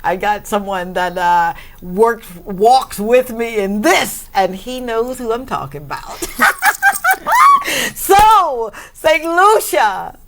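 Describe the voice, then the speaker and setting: Woman talk show host; slow, effusive delivery, frequent laughter, big emotional thank-yous. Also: medium pitch, background noise. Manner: emotional, laughs often, animated shout-outs. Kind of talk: warm effusive interview talk.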